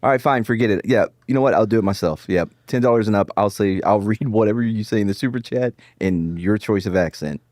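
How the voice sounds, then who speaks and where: Lowish male co-host, excitable banter, dry close sound. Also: quick pace, few pauses, dry recording. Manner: excitable, joking, laughs often. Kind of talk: casual podcast chat.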